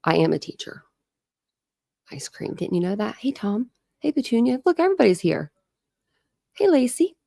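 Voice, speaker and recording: A woman's voice: fairly high pitch, sing-song, normal speed, gravelly, long pauses, mellow, dry recording. A woman from Ohio hosting a casual true crime livestream, chatty and laughing often as she greets viewers by name. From Ohio, USA. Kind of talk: casual live-stream chat.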